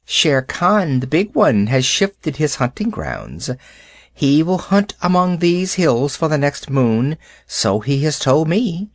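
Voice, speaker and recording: Man doing a high wheedling storybook jackal, spiteful flatterer, close dry sound. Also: slow pace, no room sound, heavily acted. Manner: wheedling, sing-song, mischievous. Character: sly fawning male jackal, spiteful flatterer. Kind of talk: storybook reading.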